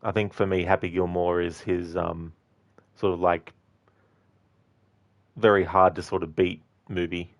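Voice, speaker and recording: A man's voice: low-pitched, little pitch movement, unhurried, long pauses. A man chatting casually on a game livestream, thanking viewers by name and rambling through asides. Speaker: game streamer.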